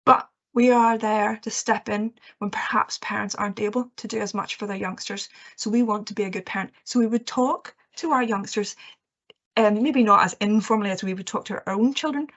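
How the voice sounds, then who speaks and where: This education trainer has a medium-pitched, slightly bright voice and talks a little fast. She gives an earnest, reassuring training presentation to teachers, checking in often with "okay" and filling gaps with "um." The recording is muffled and lo-fi.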